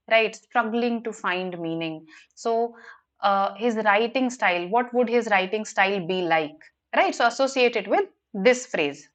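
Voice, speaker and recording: Indian woman teaching vocabulary online. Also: mid-range voice. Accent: Indian English. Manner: explains patiently, checks in with tag questions. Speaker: online exam prep teacher. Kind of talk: live online vocabulary lesson.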